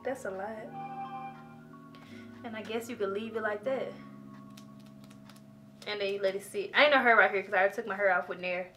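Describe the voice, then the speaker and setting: A woman's voice: medium pitch, steady tone, a little fast, long pauses, a bit bright, faint music behind. A woman talking casually in a home vlog, dramatic and laughing, often crying out that she is scared. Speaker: vlogger.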